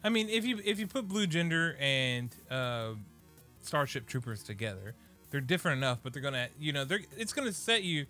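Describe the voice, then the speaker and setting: A man's voice: a little high, big pitch swings, fairly quick, bright, forceful tone, faint music behind. A man co-hosting a casual podcast who talks in an easygoing, rambling way with many fillers. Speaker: podcast co-host. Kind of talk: casual chat.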